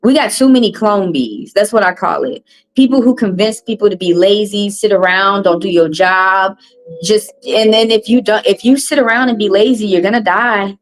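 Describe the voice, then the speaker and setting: A woman runs her tarot live stream with a casual, blunt monologue. She preaches and swears freely, and she hammers her points home by repeating them. Her voice sits in an ordinary middle pitch. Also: moderate pace, poor audio. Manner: blunt, preachy and profane, repeating phrases for emphasis.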